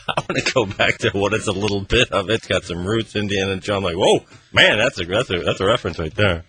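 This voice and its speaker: A man's voice: lowish voice, brisk, pushed and bright, a little hiss or hum. A man co-hosting a radio show, teasing and joking with the guest. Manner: playful, teasing. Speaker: radio co-host. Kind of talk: joking studio banter.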